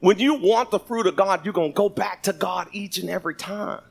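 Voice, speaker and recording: A man's voice: sits high, brisk, creaky. A man preaching a sermon, reading scripture and joking with the congregation. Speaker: pastor. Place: church sanctuary.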